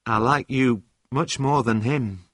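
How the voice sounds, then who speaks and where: A man's voice: mid-range voice, slow, a bit bright, dry recording, clean studio sound. A man voicing an earnest young woman in a read-aloud story, speaking in a raised, careful voice.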